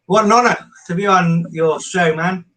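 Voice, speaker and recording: A man's voice: high voice, moderate pace, bright, forceful tone, poor audio. A man guesting on a casual podcast, joking and chuckling along with the others. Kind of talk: casual chat.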